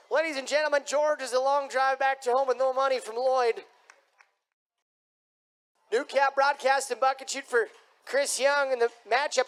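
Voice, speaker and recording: A man announcing a live bull riding event in an arena, booming and hyping up the crowd. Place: rodeo arena.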